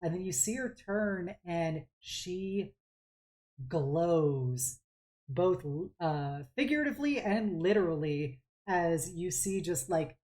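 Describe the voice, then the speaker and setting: A woman's voice: lowish voice, animated, takes it slowly, darkish tone. A woman narrating as game master of a tabletop game, describing scenes in a rambling way with many fillers.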